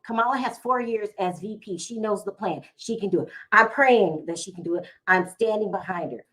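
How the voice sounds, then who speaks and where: A woman's voice: mid-range voice, brisk, a bit bright. A middle-aged woman, hosting a casual live stream from home, chatty and emotional as she talks to her viewers. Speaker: vlog host going live.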